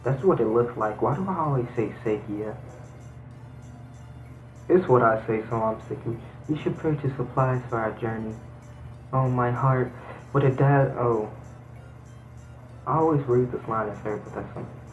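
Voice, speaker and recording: Casual gameplay host doing hammy voices for the cast; dull, echoey home recording. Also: male voice, medium pitch, moderate pace, long pauses, soft background music. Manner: switches between hammy character voices and plain chatter. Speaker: let's play host voicing the game's characters. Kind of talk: casual gameplay commentary with acted dialogue readings.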